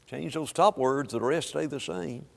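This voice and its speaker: A man preaching a sermon to a congregation, swinging between hushed lines and loud, drawn-out emphasis. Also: medium pitch, creaky. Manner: dramatic swings from soft to loud, slow emphatic phrasing. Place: church sanctuary. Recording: long hall reverb.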